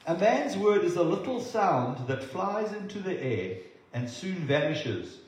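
A man's voice: high voice, very animated, measured pace, a little mellow. A man from South Africa preaching a sermon as pastor, earnest and repeating words for emphasis. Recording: very echoey room, voice from a distance.

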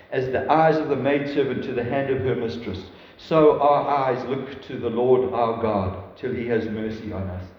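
Earnest preacher man in an echoey hall. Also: mid-range voice. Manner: earnest, reads scripture slowly, restarts and laughs at slips. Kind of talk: sermon. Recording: echoey hall, dull lo-fi sound.

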